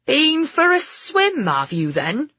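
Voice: high voice, huge pitch swings, slow, bright, forceful tone, dry recording, lo-fi sound, voice pushed up, heavily acted. A narrator voicing a jovial older male pub landlord with a broad Somerset accent, in an audiobook. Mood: teasing. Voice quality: broad rural drawl, teasing. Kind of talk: audiobook character voice.

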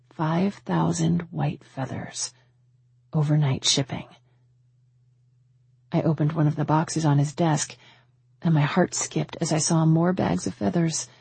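Husky, gravelly woman narrating an audiobook. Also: on the low side, mellow, no echo. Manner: emotional, intimate storytelling. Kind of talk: first-person romance audiobook narration.

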